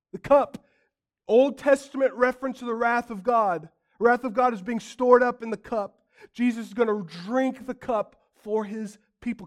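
A man preaching a sermon, acting out quotes dramatically and swinging from loud outbursts to hushed lines. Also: high-pitched, moderate pace.

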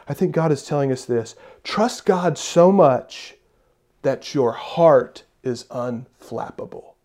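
Man, pastor, sermon, emphatic, repetitive, rhetorical questions, slightly high voice. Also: dark tone. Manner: emphatic, repeats key phrases, rhetorical questions.

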